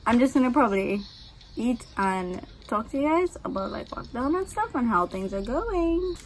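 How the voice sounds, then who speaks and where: A woman's voice: on the high side, very animated, normal speed, a little hiss or hum, poor audio. A woman, a dietitian chatting casually in a vlog from her home kitchen, bubbly and giggly. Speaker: dietitian vlogger.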